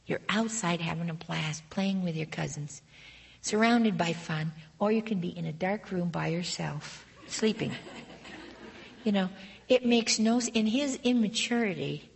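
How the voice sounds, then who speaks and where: A woman giving a sermon in an earnest storytelling manner, with a husky voice, quoting God softly. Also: lowish voice. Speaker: speaker.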